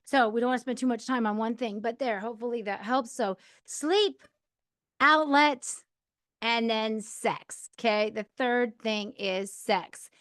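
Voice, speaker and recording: A woman's voice: on the high side, measured pace, fairly bright tone, no echo, clean studio sound. A woman in her thirties hosting a podcast, giving candid, chatty advice with lots of fillers. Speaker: podcast host. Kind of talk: casual advice monologue.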